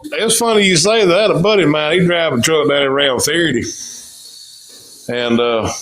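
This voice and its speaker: A man with a Louisiana accent, hosting a casual podcast and telling animated stories about prank callers. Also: on the high side, normal speed, a little hiss or hum, low-quality recording. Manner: drawling, animated storyteller, voices quoted callers. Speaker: podcast host. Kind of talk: casual storytelling chat.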